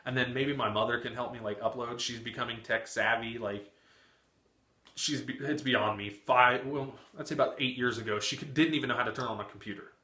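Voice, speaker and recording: A man's voice: medium pitch, fairly even intonation, brisk, bright, forceful tone. A young man in his twenties chatting casually on his book vlog, talkative and cursing freely. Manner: chatty, frequent cursing and laughter. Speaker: book vlogger. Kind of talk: casual chat. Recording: echoey room.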